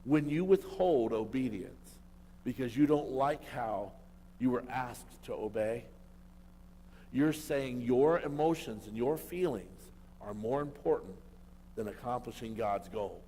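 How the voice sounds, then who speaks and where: A man preaching a sermon as a pastor, emphatic and full of rhetorical questions, swinging between loud and quiet. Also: mid-range voice, expressive, a little slow, a little hiss or hum. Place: church hall. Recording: long hall reverb.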